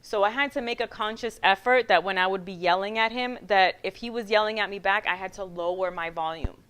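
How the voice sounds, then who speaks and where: A woman giving a talk as guest speaker on a mic, telling stories in an animated way, acting out quotes and laughing. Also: medium pitch, a little fast, clean tone. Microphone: handheld mic.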